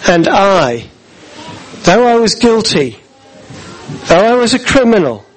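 A man's voice: sits high, sing-song, soft background music, low-quality recording. Earnest man retelling a story in first person. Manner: halting, repeats words, earnest storytelling. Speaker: preacher telling a Bible story. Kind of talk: first-person dramatic monologue in church. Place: church.

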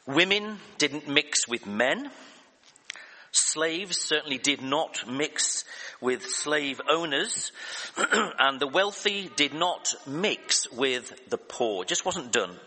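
A man's voice: a little high, animated, slow, bright, forceful tone, slightly rough. A man preaching a sermon, hesitant and self-deprecating, with many fillers and restarts. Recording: reverberant church hall.

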